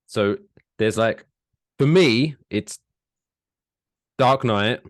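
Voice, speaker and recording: A man from England co-hosting a podcast, talking in casual banter with animated, drawn-out emphasis and frequent self-corrections. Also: mid-range voice. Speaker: podcast co-host.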